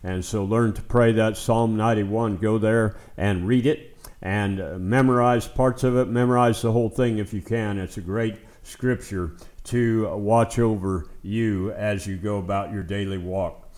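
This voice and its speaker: A man's voice: on the low side, a little mellow. A man preaching a sermon in an earnest voice, rising into pleading as he voices prayers and psalms. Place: Kenya.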